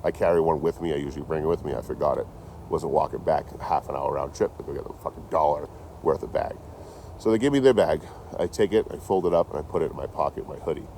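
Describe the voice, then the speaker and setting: A vlogger with a very deep voice rambles quickly about a run-in with police, swearing casually and animatedly quoting the people he met. He's outdoors near trees and a road, filming on a handheld phone with slight background noise.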